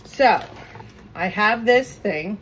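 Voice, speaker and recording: Animated yet taking it slowly, her medium-pitched voice comes across a rough recording with a little hiss or hum. This cooking vlogger chats away in her home kitchen, cooking and venting about what bugs her.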